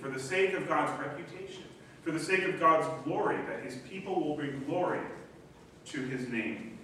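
Bright-voiced pastor in an echoey church. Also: male voice, fairly high pitch, far from the mic, slight background noise. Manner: reads scripture aloud with slow emphasis. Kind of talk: sermon. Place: church sanctuary.

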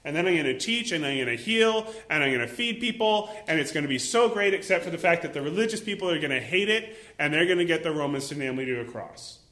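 Animated preacher man in an echoey room. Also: a little high, quick pace, few pauses. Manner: animated, acts out voices and exclaims. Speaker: pastor. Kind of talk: sermon.

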